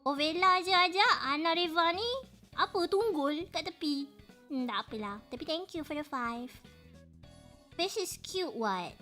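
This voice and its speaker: A woman's voice: high voice, expressive, moderate pace, sharp tone, soft background music. A Malaysian woman livestreaming, chatting playfully and laughing often, mixing in English. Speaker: streamer. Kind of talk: casual livestream chat.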